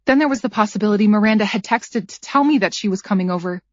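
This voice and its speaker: Female audiobook narrator, mid-pitched, measured and tense, reading a first-person thriller on a dry, slightly muffled track. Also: no echo. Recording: dry, slightly dull studio read.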